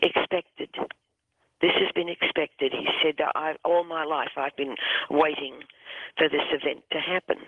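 Aussie therapist calling in to a radio show, mid pitch, keeps restarting words, thin phone-line sound. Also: fairly even intonation, no room sound. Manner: halting, with many restarts and repeated words. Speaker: hypnotherapist guest. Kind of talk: storytelling on a radio call-in. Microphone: telephone.

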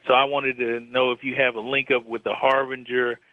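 A man's voice: mid-range voice, level tone, a little fast, dry recording. A polite, earnest man calls into a radio show to ask a question. His voice comes through a tinny, phone-like line that sounds dry and thin. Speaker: caller.

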